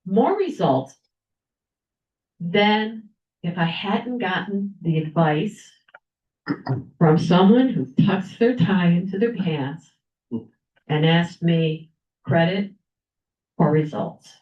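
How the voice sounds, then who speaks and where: A woman's voice: lowish voice, animated, slow, pauses often. An older woman giving a prepared storytelling speech at a club meeting, acting out the people she quotes. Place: meeting room at a club lunch. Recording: echoey room, dull lo-fi sound.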